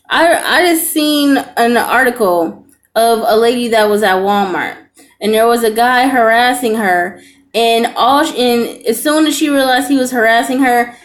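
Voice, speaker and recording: Woman, young adult, reaction host, high voice, earnest, repeats for emphasis. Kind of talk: casual commentary.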